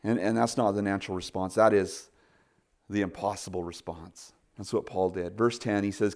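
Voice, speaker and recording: A man preaching a sermon, retelling stories with lively bursts and quiet asides. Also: on the low side, normal speed. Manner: animated storytelling with sudden loud bursts and quiet asides. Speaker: pastor.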